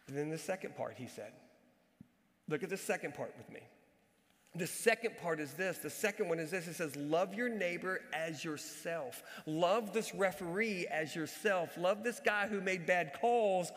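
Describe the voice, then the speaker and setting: A man preaching a sermon with storytelling, animated, swinging between loud outbursts and hushed, earnest moments. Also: high-pitched, normal speed. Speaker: pastor and basketball coach. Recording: long hall reverb.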